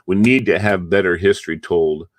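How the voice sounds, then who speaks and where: A man hosting an interview show tells long, rambling stories in a fairly low voice. His recording is dry and close, with no room around it. He keeps things loose and conversational. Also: moderate pace, dry recording. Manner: rambling anecdotal storytelling. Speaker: show host.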